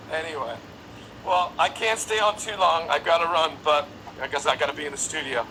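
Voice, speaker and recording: A man guesting on a casual live stream over a phone. He is friendly and brisk and wraps up with quick goodbyes. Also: a little high, sharp tone, a little hiss or hum, low-quality recording. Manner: friendly, brisk sign-offs. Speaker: band member guest.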